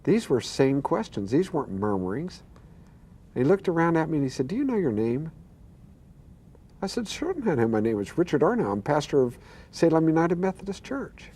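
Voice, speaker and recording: A man's voice: on the high side, big pitch swings, a little fast, mellow, breathy edge. An older man, a pastor, telling his own healing story earnestly, acting out the voices he quotes and stammering now and then. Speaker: pastor and guest. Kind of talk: telling a personal testimony.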